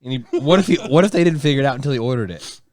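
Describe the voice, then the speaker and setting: A man's voice: mid-range voice, racing, darkish tone, no echo. A young man co-hosting a podcast in casual chat, joking and acting out silly bits. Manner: jokey, does silly voices for bits. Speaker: podcast co-host.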